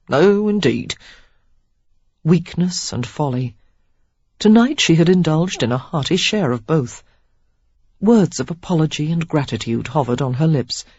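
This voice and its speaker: A woman narrating a romance novel in an expressive, measured reading. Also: deep voice, husky, no room sound. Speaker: audiobook narrator. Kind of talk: scripted narration. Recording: dull, dry audiobook recording.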